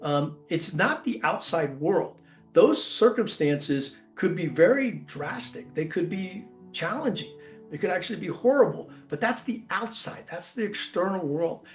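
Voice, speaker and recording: A man's voice: high-pitched, lively intonation, measured pace, soft background music. Earnest man giving a motivational talk. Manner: earnest, many ums and restarts. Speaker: keynote speaker.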